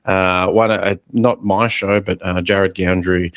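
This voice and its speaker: An Australian man chats casually as co-host of a comedy sports podcast, rambling along with fillers and restarts. His voice sits low, and it is recorded close and dry with no room sound. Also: flat delivery, a little slow, a bit bright, no room sound.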